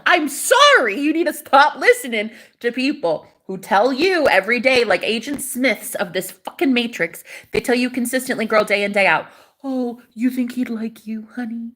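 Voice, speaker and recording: A woman's voice: high-pitched, very animated, moderate pace, few pauses, sharp tone. A woman who works as a manifestation coach, talking in a casual vlog monologue, emphatic and full of swearing, rambling from one point to the next.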